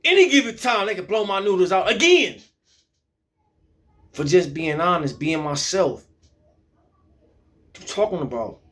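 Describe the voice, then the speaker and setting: A man's voice: a little high, very animated, a little slow, long pauses, a bit bright. A man delivering a profane, confrontational monologue that keeps repeating the same challenging question.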